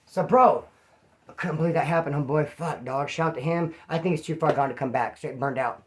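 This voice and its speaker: Fast-talking man telling a rough story. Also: fairly high pitch. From California. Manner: profane, animated street slang. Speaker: vlogger. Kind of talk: casual storytelling to camera.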